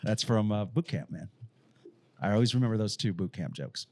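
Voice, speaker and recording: A man's voice: lowish voice, moderate pace, a little hiss or hum. A man co-hosting a podcast, telling crude jokes in casual chat with friends. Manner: animated joke-teller. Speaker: podcast co-host.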